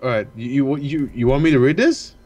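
A man's voice: medium pitch, a little fast, a little mellow. A man reading game text aloud in a mock southern country drawl, cracking crude jokes with a friend. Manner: crude, jokey. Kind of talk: casual gaming banter and dramatic reading.

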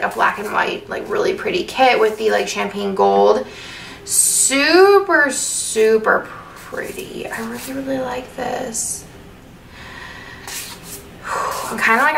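A woman's voice: medium pitch, gravelly, pushed and bright, recorded from a distance, slight background noise. Gushing young woman vlogger in echoey room. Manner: gushing, chatty, lots of fillers. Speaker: planner sticker vlogger. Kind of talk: casual haul video chat.

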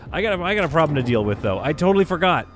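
A man commentating casually on a space building game, thinking aloud and reacting with excited exclamations. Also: a little high, very fast. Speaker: gameplay commentator. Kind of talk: casual let's-play commentary.

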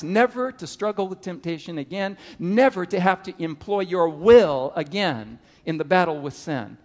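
Animated preacher, high lively voice, hall echo. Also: male voice. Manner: storytelling with animated rises and drops. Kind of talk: sermon. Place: large hall at a camp meeting. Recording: reverberant hall.

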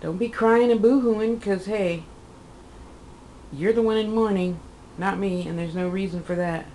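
A woman's voice: mid-range voice, measured pace, mellow, slight background noise, low-quality recording. A woman in her fifties telling a rambling personal story in a casual vlog, correcting herself as she goes and acting out what she said. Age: 50s. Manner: rambling, chatty, self-correcting, acts out her own quotes. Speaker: vlogger.

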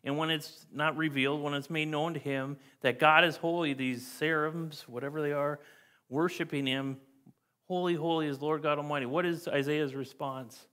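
A man's voice: a little high, fairly even intonation, normal speed, sharp tone. Earnest man preaching a sermon. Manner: earnest, emphatic, repeats key words. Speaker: pastor. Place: church.

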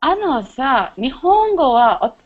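A woman's voice: high voice, very animated, slow pace. A woman hosting a casual online chat, switching between English and Japanese. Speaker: host. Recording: dull lo-fi sound.

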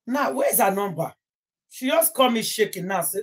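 Husky Nigerian woman live-streaming. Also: mid-range voice, very animated, normal speed. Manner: rambling, emotional, mixing Pidgin into English. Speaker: gossip livestream host. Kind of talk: casual live-stream chat.

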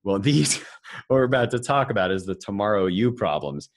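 A man's voice: fairly low pitch, very animated, normal speed. A man giving a live financial seminar, talking conversationally and joking with the audience. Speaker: financial speaker presenting to an audience.

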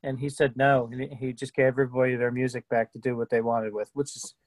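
A middle-aged man talks as a guest on a video call, telling stories in an easy, relaxed way. His voice sits in a medium pitch. The sound is dry and close. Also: fast talker, no room sound. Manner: laid-back storyteller, frequent restarts. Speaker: guest musician. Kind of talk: casual interview chat.

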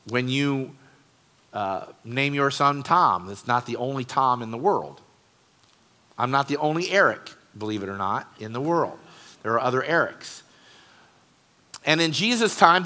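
Male pastor, bright forceful tone, chatty sermon delivery with emphatic stresses. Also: mid-range voice. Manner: conversational, rising to emphatic stresses. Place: church.

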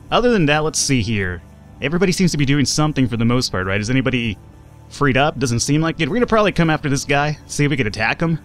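Casual rambling gameplay commentator, man. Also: medium pitch. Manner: rambling, self-correcting, swears casually. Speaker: let's play host.

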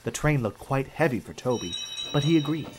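A man narrating a children's story in a gentle, expressive storytelling manner. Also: mid-range voice, fairly quick, music in the background.

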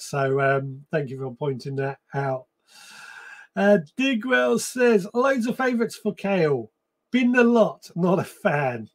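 Casual male host with a fairly high voice, loose and chatty, reading comments on a live stream. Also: normal speed. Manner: chatty, relaxed, with frequent ums and restarts. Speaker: podcast host.

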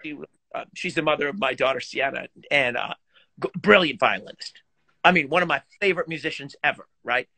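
A middle-aged man, a guest musician and teacher, telling stories in a casual chat, animated and self-deprecating, laughing often. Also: on the high side, a little fast, gravelly, no echo. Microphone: video call.

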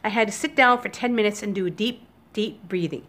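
A woman talking to her viewers in a casual daily vlog from home, emotional and teary, speaking haltingly with many restarts into a computer webcam. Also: medium pitch, a bit bright. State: upset and teary. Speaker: vlogger. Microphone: computer webcam recording.

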